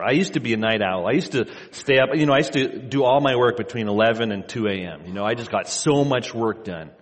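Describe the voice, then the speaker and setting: A man in his thirties preaching a sermon in a church sanctuary, telling a relaxed story and often repeating himself. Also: on the low side, big-room sound. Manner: conversational storytelling, repeats words. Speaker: pastor.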